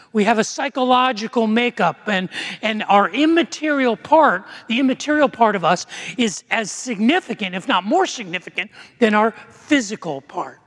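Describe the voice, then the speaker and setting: In a church sanctuary thick with long reverb, a male pastor delivers a sermon. His high, fairly bright voice carries a conversational, story-driven style, with frequent restarts.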